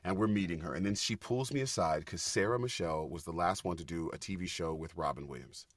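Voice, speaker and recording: Animated man telling lively backstage stories. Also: low-pitched, fast talker, dry recording. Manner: animated, gets loud and laughing when excited. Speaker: guest, Broadway actor. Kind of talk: casual podcast storytelling.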